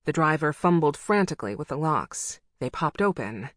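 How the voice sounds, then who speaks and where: A woman reading a first-person novel aloud as an audiobook narrator, with wry, brisk storytelling. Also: low-pitched, sing-song, no room sound, clean studio sound.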